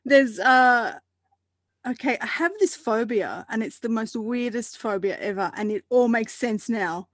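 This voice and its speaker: A woman guest in a casual roundtable chat, animated and quick to laugh, often restarting her sentences. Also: a little high, dry recording, clean studio sound.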